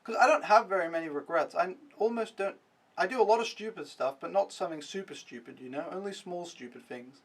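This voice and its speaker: A man's voice: high-pitched, brisk, far from the mic. Young man, casual vlog recap, rambling, self-mocking, swears, a bit off-mic. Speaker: vlogger.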